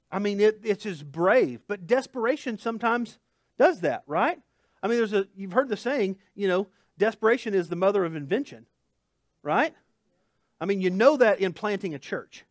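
Guy pastor preaching, high voice that jumps all over, chatty and joking, dry close sound. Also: normal speed, no room sound. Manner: animated, conversational preaching with asides and jokes. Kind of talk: sermon. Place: church.

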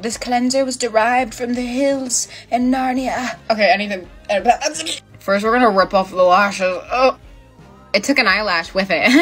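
A woman's voice: mid-range voice, a bit bright. A young woman influencer casually narrating a vlog in a chatty, self-mocking way.

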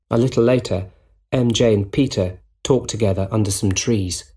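A man narrating a storybook for English learners, speaking plainly and clearly. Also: lowish voice, mellow. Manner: slow, plain, clearly spoken.

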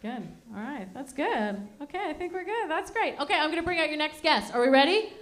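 A woman's voice: sits high, big pitch swings, a little fast, fairly bright tone, slight background noise. A woman hosting a stand-up comedy show on a club stage, talking in a chatty, profane, self-deprecating way.

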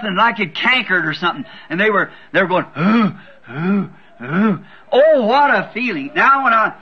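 A man's voice: high-pitched, sharp tone. A man preaching a sermon, telling a vision as a fervent testimony and repeating words for emphasis. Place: church. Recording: dull lo-fi 1960s tape recording.

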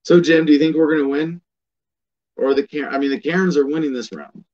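A man's voice: fairly high pitch, steady tone, a little fast, darkish tone, muffled recording. A man hosting a political commentary show, delivering a sardonic, emphatic monologue and reading passages aloud.

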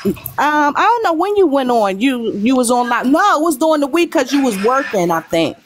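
A woman's voice: sits high, sing-song, normal speed, a little hiss or hum. A woman joining a livestream chat, laid-back and a little sleepy. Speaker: livestream viewer.

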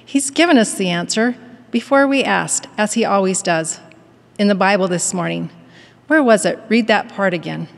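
A woman's voice: mid-range voice, moderate pace, creaky, long reverb tail, close to an everyday voice. A woman reading as an eager, faithful sister. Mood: excited. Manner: excited, gently urging.

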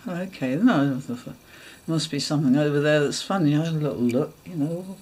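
Woman, husky voice, chatty storyteller, laughs a lot, acts out her thoughts. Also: low voice, a little fast, darkish tone. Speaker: dog agility vlogger. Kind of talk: casual anecdote.

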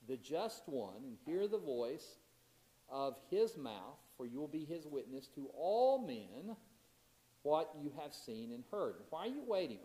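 A man's voice: a little high, darkish tone. Man teaching a Bible class, echoey room. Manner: reads scripture aloud then explains it, with restarts. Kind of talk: Bible lesson. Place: church classroom.

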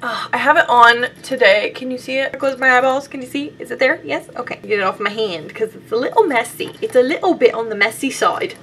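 A woman's voice: on the high side, a little fast, hardly any pauses, a bit bright, a little hiss or hum. A young woman chatting casually through her monthly makeup favorites, bubbly and full of "like" and little laughs. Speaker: beauty vlogger.

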